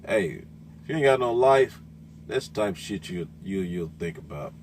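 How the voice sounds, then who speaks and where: A man, a truck driver ranting loudly and cursing in casual talk from inside his truck cab. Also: deep voice, lively intonation, normal speed, slight background noise. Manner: loud, cursing, repetitive, laughing. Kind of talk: profane casual rant.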